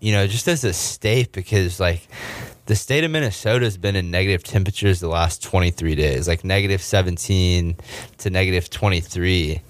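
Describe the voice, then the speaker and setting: A man's voice: low voice, moderate pace, no room sound. A young man from Texas hosting a podcast, chatting casually with lots of fillers and restarts. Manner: laid-back, frequent fillers and restarts. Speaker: podcast host. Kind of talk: casual chat.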